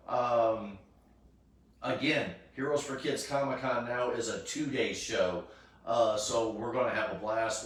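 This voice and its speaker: In a mid-range, fairly bright voice, a man hosts a casual charity cosplay live stream, rambling with lots of fillers and restarts. The room is echoey and the mic is distant.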